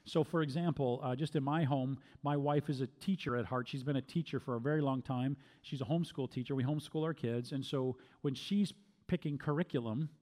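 A middle-aged man answering questions as a pastor, speaking calmly and measuredly, with frequent restarts. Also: medium pitch, brisk. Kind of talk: Q&A teaching talk.

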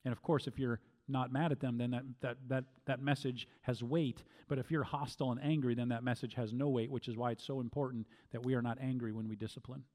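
A middle-aged man answering questions as a pastor, speaking calmly and measuredly, with frequent restarts. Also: mid-range voice, a little fast, few pauses. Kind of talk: Q&A teaching talk.

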